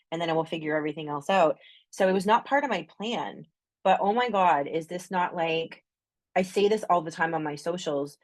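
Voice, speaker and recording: A woman with a Canadian accent and a low-leaning voice chats enthusiastically as a guest astrologer on a podcast, saying "like" often. The recording has no echo.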